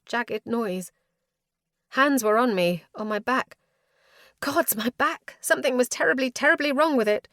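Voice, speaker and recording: A woman's voice: a little high, a bit bright, no echo, clean studio sound. A woman reading a first-person fantasy audiobook with a tense, dramatic delivery. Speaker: audiobook narrator.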